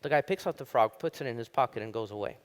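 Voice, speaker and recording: A middle-aged man from Italy, giving a public university lecture as an animated storyteller. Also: quick pace. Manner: animated storyteller, rises high when telling jokes. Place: lecture hall.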